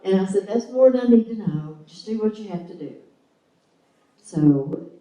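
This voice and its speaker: A woman's voice: medium pitch, lively intonation, normal speed, warm tone. A middle-aged woman shares a personal testimony at a church gathering, voicing the people in her story with strong emotion. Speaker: guest speaker sharing a testimony. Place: church hall. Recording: echoey hall, mic at a distance.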